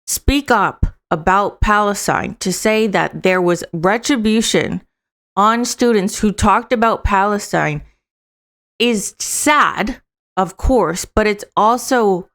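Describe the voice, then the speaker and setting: A young woman giving casual, emphatic reaction commentary and swearing for emphasis. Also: medium pitch.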